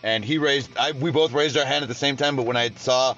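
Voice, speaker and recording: A man's voice: mid-range voice, brisk, fairly bright tone, dull audio, faint music behind. A man hosting a podcast, chatting casually and rambling, swearing freely. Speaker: podcast host.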